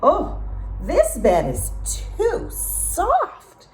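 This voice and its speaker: A woman voicing a curious young girl who fusses and drawls her words slowly, in a storybook reading. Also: high voice, big pitch swings, a little mellow, a little hiss or hum, voice pushed up, full character voice. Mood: fussy. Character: curious girl with a sleepy, fussy voice. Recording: echoey room.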